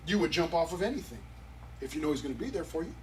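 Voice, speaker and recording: A man's voice: on the high side, very animated, rapid-fire, darkish tone, recorded from a distance, slight background noise, low-quality recording. A male pastor preaching a sermon at a youth service in a conversational, emphatic way. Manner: conversational and emphatic, acting out quotes.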